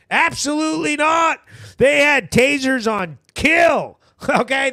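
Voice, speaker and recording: A man hosting a local news recap show, telling stories in a crude, animated way with loud shout-outs and frequent laughter. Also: high-pitched, no room sound, clean studio sound. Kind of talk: casual profane storytelling.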